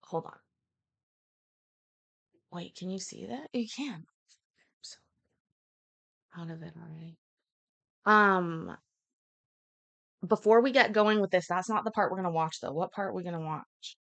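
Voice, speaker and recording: A woman's voice: on the low side, unhurried, creaky, pauses often, a bit bright. A woman hosting a casual livestream, chatting in a rambling way with frequent fillers. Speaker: livestream host.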